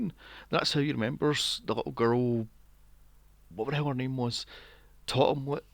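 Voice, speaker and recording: A man's voice: medium pitch, steady tone, normal speed, no echo. A man co-hosting a movie podcast, ranting in an exasperated, sweary way and mocking characters with silly voices. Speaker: podcast co-host. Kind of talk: casual movie review chat.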